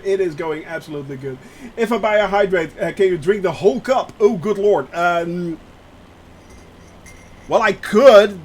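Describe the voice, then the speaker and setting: A man's voice: high voice, slight background noise. A man, chatting live with viewers while streaming a flight sim, joking and laughing often as he reads the chat aloud.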